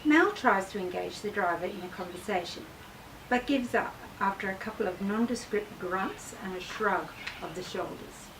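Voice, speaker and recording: A woman, an author reading her travel memoir aloud in a measured, expressive way. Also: medium pitch. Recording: distant mic with faint background noise.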